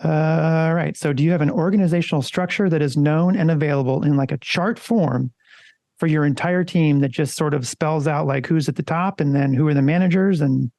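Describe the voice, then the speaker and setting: A man co-hosting a podcast in a loose, casual way, with the odd curse thrown in. His voice sits a bit high and has a gravelly, crackly edge. The sound is dry and close, with no room around it. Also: brisk, a little mellow, no echo. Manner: conversational, loose and swearing. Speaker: podcast co-host.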